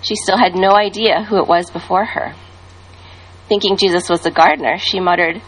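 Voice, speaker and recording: A woman reading a Bible story as a calm, measured narrator. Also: mid-range voice, low-quality recording.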